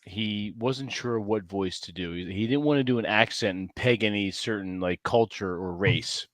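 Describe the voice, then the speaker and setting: A man's voice: fairly low pitch, normal speed, dry recording. A man co-hosting a casual podcast, telling stories and laughing often through crude banter. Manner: laughs often, animated storytelling. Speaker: podcast co-host.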